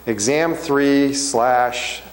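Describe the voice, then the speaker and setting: A male instructor at a middle pitch explains steps to his class in a relaxed, conversational way, stopping often to check that everyone follows. His voice carries a long reverb from the classroom around him. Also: extremely slow. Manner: casual, checks in often with "okay?". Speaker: accounting instructor. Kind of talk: classroom walkthrough.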